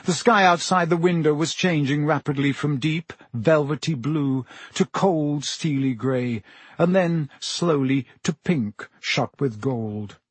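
A man reads a storybook aloud in a measured, even way. His voice is somewhat high for a man and noticeably husky. The recording is dry and close, with no room sound. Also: dry recording. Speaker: audiobook narrator. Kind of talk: scripted storybook narration.

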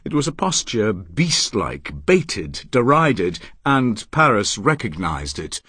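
A man narrating an audiobook in an expressive, dramatic way, on a close studio mic. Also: lowish voice, takes it slowly, breathy edge, dry recording.

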